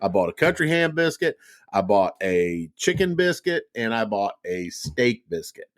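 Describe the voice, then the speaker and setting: A man's voice: lowish voice, sing-song, normal speed. A middle-aged man hosting a podcast, telling rambling, profane stories in casual chat with plenty of restarts. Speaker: podcast host.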